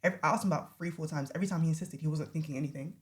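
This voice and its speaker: A woman telling a podcast host an animated story and acting out the quotes. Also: sits low, very fast. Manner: animated, acts out quotes, laughs often. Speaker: podcast guest. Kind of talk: casual storytelling chat.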